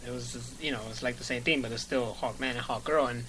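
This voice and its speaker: Brief: bright-voiced, joking male podcast host, loud and playful. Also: mid-range voice, fairly even intonation, fast talker, slight background noise, rough recording. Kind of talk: casual podcast chat.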